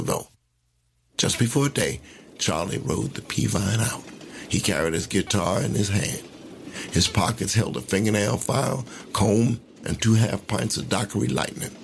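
A man narrating a story in an unhurried, folksy way. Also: lowish voice, creaky, slight background noise.

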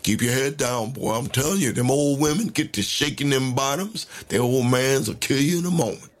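A man's voice: mid-range voice, normal speed, voice pushed up, close to an everyday voice. A man voicing a brash, swaggering young male blues guitarist who teases and lectures a younger player. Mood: teasing.

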